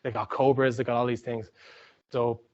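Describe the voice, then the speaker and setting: A man's voice: medium pitch, little pitch movement, moderate pace, a little mellow. A young Irish man giving a rambling, chatty talk full of fillers and restarts. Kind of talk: informal talk with anecdotes. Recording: dull lo-fi sound.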